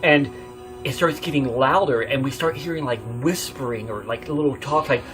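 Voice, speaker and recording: A man's voice: mid-range voice, normal speed, faint music behind. Rambling man telling a scary story. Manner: rambling, swears often, many fillers and restarts; tense, swinging from hushed to loud as he retells. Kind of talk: casual spoken horror story.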